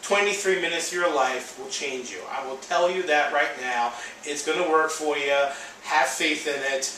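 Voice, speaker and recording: A man's voice: on the high side, moderate pace, sharp tone, slight background noise. A man, candid and emotional in a rambling personal video diary. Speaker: vlogger. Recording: echoey room, voice from a distance.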